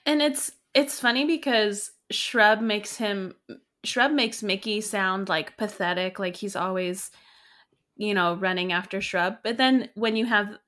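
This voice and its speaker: A young adult woman co-hosting a podcast, recapping a sitcom in casual chat full of "like" and quick laughs. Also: medium pitch, fairly bright tone. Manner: chatty, lots of "like", quick laughs. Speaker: podcast co-host.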